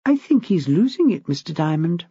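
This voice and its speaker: A man's voice: fairly high pitch, very animated, moderate pace, mellow, husky, no room sound, voice pushed up. A man doing an insistent young woman. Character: young ambitious woman staffer, insistent and flustered. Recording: dull dry lo-fi recording.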